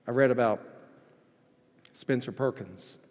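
A man preaching a sermon as pastor in a church, swinging between hushed, gentle passages and loud, excited ones. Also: mid-range voice, takes it slowly. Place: church sanctuary. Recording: echoey hall reverb.

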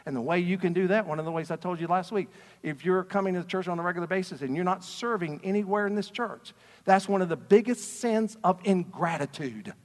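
A man preaching a sermon as a pastor, passionate and swinging between quiet talk and shouting. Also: high voice, brisk, in a large hall. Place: church sanctuary.

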